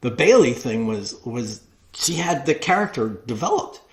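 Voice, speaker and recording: A man, a wrestling promo class coach, telling stories in an interview, animated and full of restarts. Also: medium pitch, normal speed. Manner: animated storyteller with many restarts. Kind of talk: storytelling interview.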